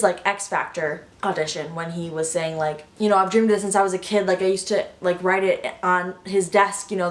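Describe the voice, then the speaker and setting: A young woman telling a story in a casual vlog, gushing and excitable, full of "like". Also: medium pitch. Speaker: vlogger. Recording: echoey room.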